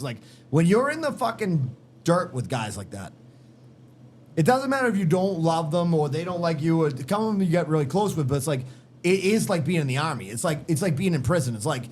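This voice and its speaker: Fast-talking Boston man spinning yarns. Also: fairly high pitch, big pitch swings, darkish tone, slight background noise. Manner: profane, emphatic, street-smart. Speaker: podcast guest. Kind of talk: casual storytelling chat. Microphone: podcast microphone in a garage.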